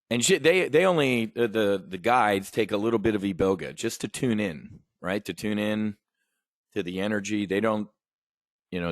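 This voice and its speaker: A lower-pitched man runs a live options trading broadcast. He talks in a loose, rambling, enthusiastic way and punches his points hard. The recording is dry and close, with no room sound. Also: no echo. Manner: energetic, rambling, conversational, emphatic. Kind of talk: livestream trade brief.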